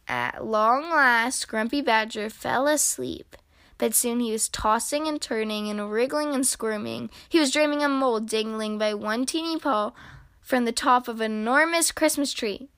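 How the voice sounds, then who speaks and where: A woman reading a children's picture book aloud, with expressive storytelling. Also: on the high side, no room sound.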